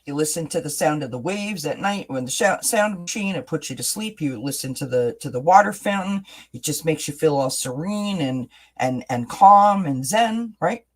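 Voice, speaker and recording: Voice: mid-range voice, animated, normal speed, few pauses. A tarot reader hosting a live reading, talking casually and often checking in with "right?" while repeating words and restarting sentences. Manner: chatty, keeps asking "right?". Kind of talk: livestream tarot reading chat.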